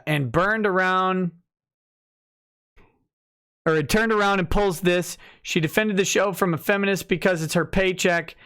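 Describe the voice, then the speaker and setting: A man's voice: high-pitched, fairly bright tone, smooth. Man, livestream host, casual commentary, sardonic, reads documents aloud, mocking asides. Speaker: lawyer hosting a livestream.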